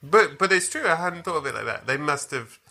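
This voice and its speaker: A man's voice: on the high side, expressive, brisk, creaky, bright, forceful tone. A man hosting a podcast, chatting casually and animatedly with playful swearing. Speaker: podcast host. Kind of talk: casual comedic chat.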